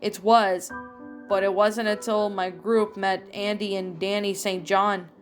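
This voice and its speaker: A woman's voice: medium pitch, level tone, unhurried, soft background music, lightly acted. A woman reading a fan story aloud, voicing a tough young woman survivor who is grieving. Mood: recounting.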